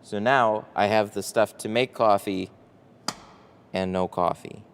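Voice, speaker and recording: A man's voice: fairly low pitch, fairly even intonation, a little slow, slight background noise. A man running a casual live stream from his tint shop, reading chat aloud, tired and rambling with casual swearing. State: tired, no coffee.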